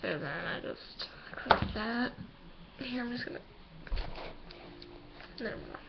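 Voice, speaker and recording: A woman's voice: a little high, lively intonation, slow pace. A young woman chatting casually through a makeup tutorial, teasing herself as she works, recorded on a laptop microphone at home. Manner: chatty, self-deprecating, talks while doing makeup. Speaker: beauty vlogger. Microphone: laptop camera mic. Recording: dull lo-fi laptop recording with clear noise.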